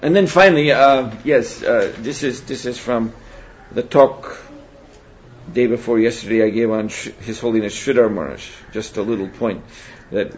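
A man teaching a spiritual seminar in a measured, reflective way, often pausing to hesitate. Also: mid-range voice. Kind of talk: spiritual lecture. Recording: dull lo-fi recording with faint hiss.

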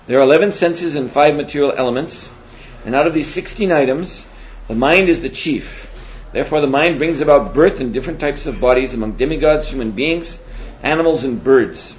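A man teaching a spiritual seminar in a measured, reflective way, often pausing to hesitate. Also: fairly high pitch. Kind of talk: spiritual lecture. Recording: dull lo-fi recording with faint hiss.

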